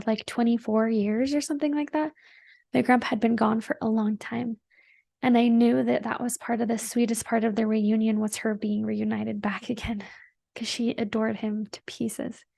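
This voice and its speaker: A woman's voice: on the high side, little pitch movement, moderate pace, vocal fry, mellow, no room sound, studio quality. A woman hosting a podcast, telling a personal story in a chatty, earnest and emotional way, full of "like" fillers. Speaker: podcast host.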